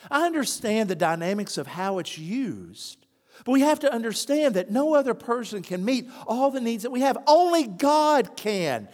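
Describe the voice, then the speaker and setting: A man's voice: extremely high pitch, normal speed, in a large hall. A man preaching a sermon, telling stories and acting out the voices of the people in them. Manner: animated storytelling, acts out quoted voices. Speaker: pastor.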